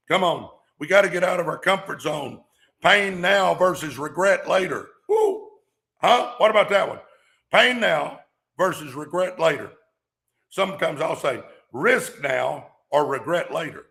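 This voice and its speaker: A man delivering a fired-up motivational talk on his livestream podcast, preaching and hammering home catchphrases. His voice sits a bit high, with a forceful, tense brightness and a gravelly rasp. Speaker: podcast host.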